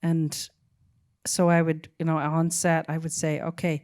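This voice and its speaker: A middle-aged woman, a film director as guest, talking in a halting, musing way with many restarts. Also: low voice, level tone, vocal fry, a little mellow. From Canada. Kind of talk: casual interview talk.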